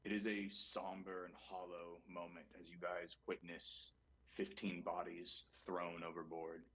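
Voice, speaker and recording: Casting: low flat-voiced man running a tabletop game, husky, loose and casual. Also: a little slow, low-quality recording. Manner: casual narration with many fillers. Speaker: game master.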